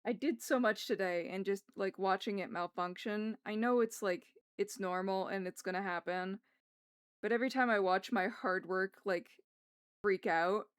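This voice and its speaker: A young woman livestreams while drawing, muttering to herself with frustrated self-mockery and frequent swearing in casual chatter. Her voice is medium-pitched and clean, at a moderate pace.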